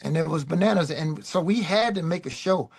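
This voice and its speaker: A middle-aged man, a guest musician, telling loose, animated stories in a casual chat. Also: fairly high pitch, a little fast, creaky, slightly rough. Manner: animated, loose, peppered with "man" and "you know". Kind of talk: casual storytelling.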